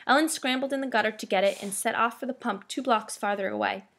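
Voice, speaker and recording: A woman reading a children's chapter book aloud as narrator, in a steady, expressive way. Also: fairly high pitch, quick pace, gravelly. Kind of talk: storybook read-aloud.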